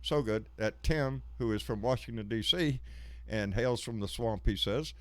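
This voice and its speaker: A middle-aged man from Texas hosts a live stream, chatting in a casual, rambling, folksy way and swearing freely. His voice is mid-range at normal speed, with no echo.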